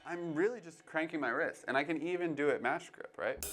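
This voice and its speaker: A man teaching jazz drumming, calmly coaching and counting beats aloud between demonstrations. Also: on the high side, fairly quick, over loud music. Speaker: drum teacher. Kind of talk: instructional demonstration. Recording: drums playing behind the voice. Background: drum playing between phrases.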